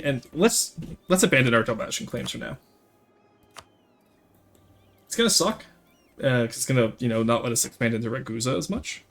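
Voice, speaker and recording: A young man from rural Canada, giving live gameplay commentary and chatting with viewers. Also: mid-range voice. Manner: lively, chats with viewers while playing. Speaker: streamer.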